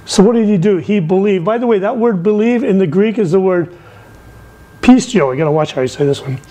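High-voiced animated male preacher. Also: fast talker, poor audio. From England. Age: middle-aged. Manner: animated, storytelling with wide swings in pitch. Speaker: missionary speaker. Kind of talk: sermon.

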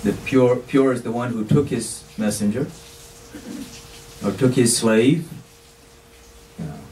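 A man preaching from a mosque pulpit, explaining his points in a relaxed, conversational way and slipping in Arabic phrases. He sits well back from the microphone, so his voice comes across distant. A faint hiss of noise lies behind it. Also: mid-range voice, slow. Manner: conversational, often saying "you know", sprinkled with Arabic phrases. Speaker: imam giving a sermon. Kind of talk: explanatory sermon.

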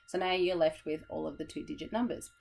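Brief: tired woman teacher, chatty, lowish voice, acts out kids. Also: fast talker, creaky, darkish tone, a little hiss or hum, poor audio. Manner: chatty, demonstrates classroom voices, laughs at herself. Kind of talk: teacher explaining a classroom method.

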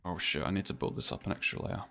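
A young man, chatting casually and joking while playing a game, often swearing and getting excited. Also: fast, a little hiss or hum. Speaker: gaming streamer.

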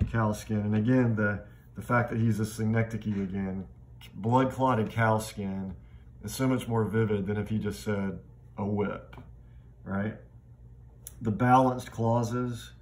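A man's voice: fairly low pitch, a little mellow. A man giving a literature lecture in a reflective way. He thinks aloud and often restarts his phrases. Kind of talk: classroom lecture. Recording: faint background noise.

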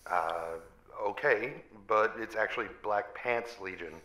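A man's voice: on the low side, takes it slowly, pushed and bright, echoey room, poor audio. A man doing a stammering sound engineer. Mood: hesitant. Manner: hesitant, stammering, polite. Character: nervous hesitant male recording engineer.

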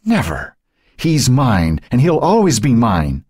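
A man's voice: low voice, sing-song, moderate pace, darkish tone, husky, big-room sound, exaggerated voice. An audiobook narrator voicing a cruel, possessive young woman who mocks and hisses with venom. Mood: furious. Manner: mocking, venomous, hissing.

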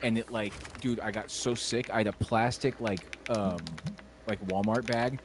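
A man's voice: fairly low pitch, fairly even intonation, measured pace, noisy background. A man telling a laid-back story to gaming friends, full of "dude" and "like". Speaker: stream guest friend. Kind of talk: casual gaming chat storytelling.

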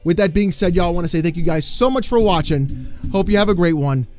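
A man hosting a gaming commentary channel, ranting in an exasperated, mocking way that swings into shouting. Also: high voice, quick pace, faint music behind.

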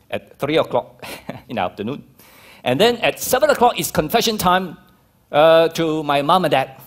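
A male pastor with a Malaysian accent, preaching a sermon and telling stories with acted-out quotes. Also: a little high. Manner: lively storytelling with laughs and acted-out quotes.

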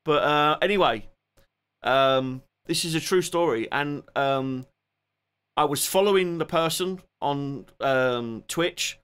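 A man with a Cockney accent hosts a laid-back live stream from home, sitting down rather than performing. His voice has a crisp, bright edge. He talks loosely and chattily, trailing off and picking up again as he thanks viewers one after another. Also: fairly high pitch, takes it slowly. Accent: Cockney English. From England. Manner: chatty, rambling, greets and thanks viewers by name. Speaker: music streamer. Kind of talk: casual live-stream chat.

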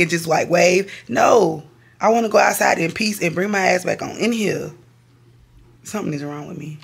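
A woman's voice: lowish voice, fairly quick, vocal fry, fairly bright tone, roomy sound. A woman, chatting candidly and rambling to her vlog camera in her home kitchen, swearing casually. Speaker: lifestyle vlogger.

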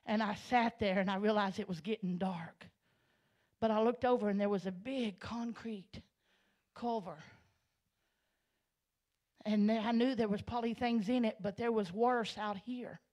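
A woman from Arkansas, telling her life story as a church sermon, storytelling that swells into loud, passionate preaching. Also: medium pitch, steady tone, a little slow. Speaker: guest speaker giving testimony. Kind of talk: Pentecostal sermon testimony. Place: church sanctuary.

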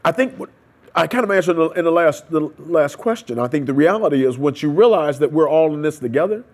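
Husky man telling his story. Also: on the high side, expressive, fast talker. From United States. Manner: storytelling, acts out dialogue and prayers. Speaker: interviewee. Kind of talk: oral history interview. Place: seminary room.

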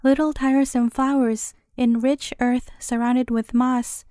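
High, mellow woman reading a bedtime story. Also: little pitch movement, unhurried, no echo, clean studio sound.

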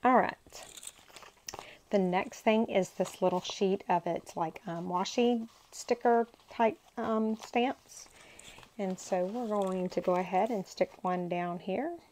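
A woman hosts a casual crafting unboxing and gushes to herself at an unhurried, drawn-out pace. Her pitch sits mid-range for a woman. A faint background noise runs under the recording. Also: a little mellow, poor audio. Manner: gushing, talks to herself while handling paper. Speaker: crafting channel host.

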